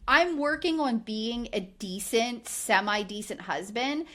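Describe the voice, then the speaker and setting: Her voice sits a little high, and she talks slowly with hardly any pauses. As a podcast co-host giving a casual recap, she's lively, leans on "like" a lot, and acts out quoted lines.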